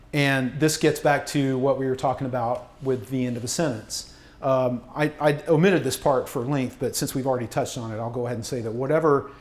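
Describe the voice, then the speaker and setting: A man of middle pitch gives a workshop talk on writing, chatty and self-deprecating. He often stops and restarts a sentence mid-thought. The recording picks up the echo of the room. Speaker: university communications workshop presenter. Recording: echoey room.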